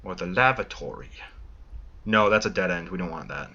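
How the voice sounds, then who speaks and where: A man's voice: sits low, moderate pace, gravelly, sharp tone, highs cut off. A man streaming a video game, musing aloud as he thinks through his choices in casual commentary.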